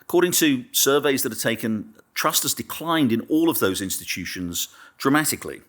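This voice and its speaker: A man's voice: mid-range voice, lively intonation, moderate pace, a bit bright. A British man in his fifties, a journalist and author, giving a public lecture in a dry, self-deprecating way with frequent ums and restarts. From Britain.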